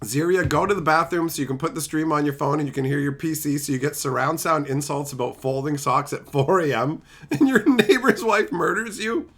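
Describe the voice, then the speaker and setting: A man's voice: fairly high pitch, fairly quick, a bit bright. A man live-streaming, talking crudely and rowdily as he mocks his chat. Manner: crude, rowdy and mocking. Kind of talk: casual live-stream banter.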